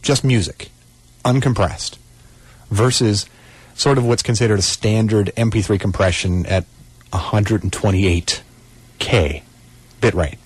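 A man's voice: on the low side, measured pace, long pauses, slightly rough, dry recording. A man hosting a radio show from a studio, chatting casually and animatedly with his co-host and laughing easily. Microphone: studio microphone.

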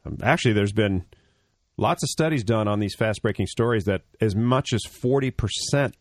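A man's voice: on the low side, normal speed, no room sound, studio quality. A man co-hosting a radio tech show, explaining things at length in a blunt, joking way. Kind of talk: casual radio tech talk.

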